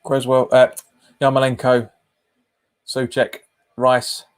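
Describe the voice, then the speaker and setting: Slow and completely flat, this man's mid-range voice has a clean tone. He is live-streaming a football match, commentating on passes and reading viewers' chat in a casual way, frequently saying the same things again.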